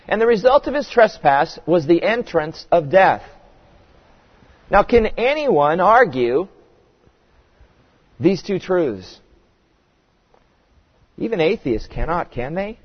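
A man preaching a sermon in earnest, emphatic tones, his voice sitting a little higher than most men's. The sound is dull and muffled, and a long hall reverb trails after his words in a church sanctuary. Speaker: pastor.

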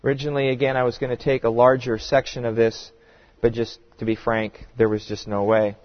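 A man's voice: medium pitch, level tone, fairly quick, big-room sound, highs cut off. A man preaching an expository sermon, asking emphatic rhetorical questions. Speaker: pastor.

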